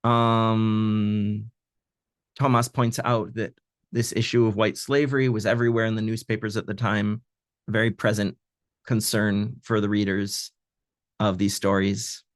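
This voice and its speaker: A man who translates old pulp fiction, giving an online talk in a thoughtful, hesitant way with many pauses and fillers, heard over a video call. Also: fairly low pitch, level tone, no room sound, clean studio sound. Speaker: translator leading a community reading. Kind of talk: online lecture with reading.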